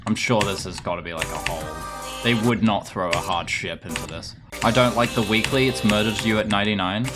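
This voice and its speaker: Ranting, foul-mouthed English streamer. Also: male voice, lowish voice, a little fast, over music. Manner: profane, rambling and ranting. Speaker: game streamer. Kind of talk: casual live-stream chatter.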